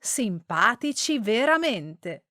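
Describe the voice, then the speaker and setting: A woman slowly and carefully reading short example sentences and single words, with deliberate, precise pronunciation. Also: on the high side, big pitch swings, bright, forceful tone, no room sound, studio quality.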